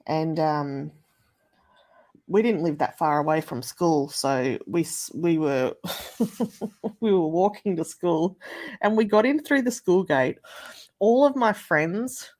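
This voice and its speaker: A woman's voice: sits low, measured pace, darkish tone. A woman telling a story in a casual livestream, chatting and swearing freely.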